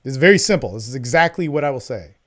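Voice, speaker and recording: A man coaching other men in a casual unscripted monologue, blunt and profane, swinging from loud emphasis to low, intimate tones. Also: lively intonation, quick pace. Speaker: men's dating coach.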